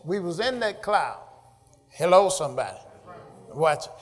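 A middle-aged male pastor preaching a sermon, building to loud shouted passages and calling out to the congregation. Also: on the high side, lively intonation, moderate pace, pauses often, big-room sound. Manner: preaching with rising shouts and call-and-response. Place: church sanctuary.

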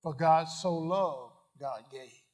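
A man preaching a sermon, asking the congregation questions and swinging from quiet asides to loud declarations. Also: fairly high pitch, slow. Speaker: pastor.

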